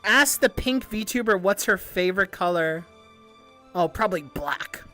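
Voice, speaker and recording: Female livestream host, casual chat, excitable and rambling with frequent swearing, mid pitch, light music under her. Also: a little slow. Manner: rambling and excitable, swears a lot and laughs often. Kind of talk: casual livestream chat answering viewer questions.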